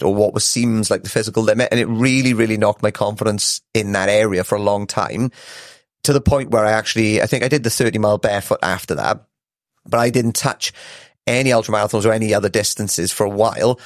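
A man's voice: fairly low pitch, steady tone, fast talker, no room sound. A man chatting casually as a podcast guest in a studio, rambling, swearing freely and laughing often. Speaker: podcast guest, ultra runner. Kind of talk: casual chat.

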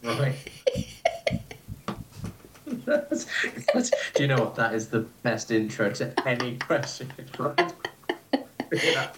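A man's voice: medium pitch, animated, slow pace, long pauses. A man, a chef chatting as a podcast guest, rambling and hesitant with frequent fillers and easy laughter. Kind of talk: casual interview chat. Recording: echoey room with faint noise.

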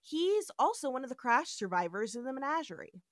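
A woman's voice: high voice, brisk, dry recording, clean studio sound. A woman hosting a casual podcast, retelling episode scenes and acting out the characters' lines. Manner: animated storytelling, acts out quotes. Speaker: podcast host.

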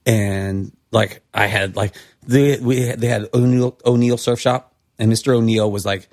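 A middle-aged man from California, a podcast guest telling stories casually in an animated, rambling way, acting out quotes. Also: fairly low pitch, moderate pace. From Santa Cruz, California. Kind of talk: casual storytelling.

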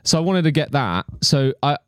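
A man, an actor and podcast co-host, chatting casually in an animated, sweary way, full of fillers and restarts. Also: on the high side, normal speed, clean tone, no echo, clean studio sound.

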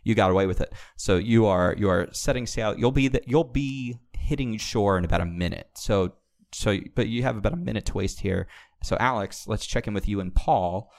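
A young man narrating a tabletop game as game master, quick and animated. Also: fairly low pitch.

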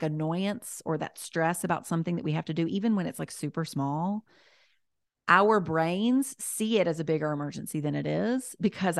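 A woman with a fairly low voice chats casually as a podcast guest, filling her talk with "like" and "you know". She is gentle and encouraging and often restarts her sentences. The sound is close and dry, with no room echo. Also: gravelly. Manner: chatty and self-correcting, full of "like" and "you know". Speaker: podcast guest giving life advice.

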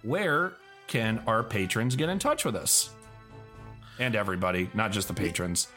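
A man's voice: on the low side, expressive, normal speed, sharp tone, soft background music. A man hosting a podcast in casual chat, playful and teasing. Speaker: podcast host.

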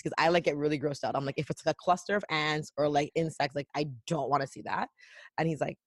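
A young woman co-hosting a podcast, chatting casually and acting out quotes in a loud, animated way. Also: low-pitched, quick pace, no room sound, studio quality. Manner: animated storyteller, acts out quotes loudly. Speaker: podcast co-host. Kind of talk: casual chat.

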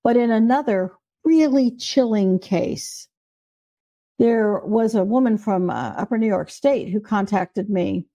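A woman's voice: medium pitch, animated, a little slow, warm tone. An older woman, a psychic medium guest, telling stories in an interview in an earnest, emphatic way. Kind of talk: storytelling in an interview.

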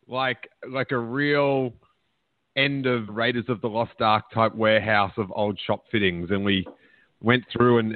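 A man's voice: medium pitch, dry recording. A man in the host's seat, chatting casually and spinning rambling, joking stories. His voice is dry and close, with a narrow, phone-like band. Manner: chatty, jokey storytelling. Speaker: podcast host. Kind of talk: casual chat.

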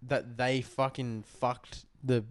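A young Australian man trading crude, swear-laden jokes with his mate. His voice sits at an ordinary middle pitch. The sound is dry and close, with no room around it. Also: flat delivery, slow pace, no room sound. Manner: crude, swears constantly, jokey. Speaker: podcast co-host. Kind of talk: casual chat.

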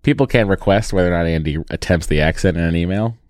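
A man's voice: low voice, fast talker. A man hosting a podcast, telling a rambling story in casual chat and often breaking off and restarting his sentences. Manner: rambling, self-interrupting storyteller. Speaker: podcast host.

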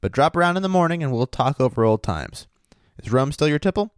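A man's voice: a little high, expressive, fast talker, no echo, studio quality, voice pushed up, lightly acted. A man doing a clipped, guarded spy. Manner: clipped and brusque. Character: guarded, stiff male spy.

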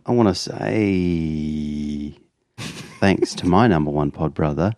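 A man's voice: extremely low pitch, takes it slowly, a little mellow, no room sound. A man co-hosting a podcast in casual chat, easygoing and dry, laughing along. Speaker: podcast co-host. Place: home room, remote call.

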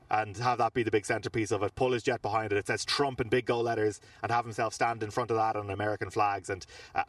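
An Irish man, a reporter and podcast co-host, telling animated, rambling stories from a trip, recorded outside a large building. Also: medium pitch, no room sound, recorded from a distance. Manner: animated, rambling anecdotes with fillers. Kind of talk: casual on-location storytelling. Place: outdoors in front of a large government building.

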